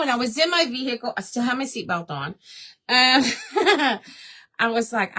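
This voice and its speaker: A woman's voice: on the high side, animated, unhurried, pushed and bright. A middle-aged woman hosts a live crafting stream from home. She talks casually to her viewers as she paints, drifting into long chatty stories and calling them y'all. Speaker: crafting livestream host. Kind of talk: casual chat while painting.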